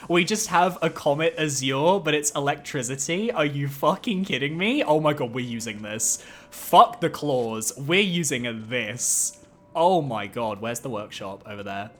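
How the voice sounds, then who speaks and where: Male streamer, casual gameplay commentary, excitable and foul-mouthed, rambling. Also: a little high, measured pace. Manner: excitable, swears freely, rambling asides.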